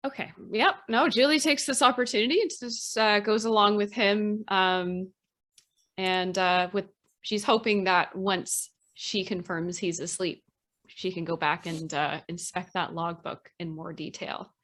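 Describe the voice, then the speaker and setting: A woman's voice: medium pitch, steady tone, unhurried, a bit bright. A woman playing in a tabletop game, speaking hesitantly with fillers. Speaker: player. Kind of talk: tabletop role-play.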